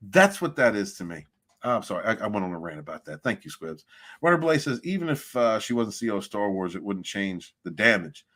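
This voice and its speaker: Guy doing a livestream, lowish voice, rambly and sweary, reads out the chat. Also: very animated, a little fast. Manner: rambling, profane, loud swings of emphasis. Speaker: livestream host reading viewer chat. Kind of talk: casual rant and chat.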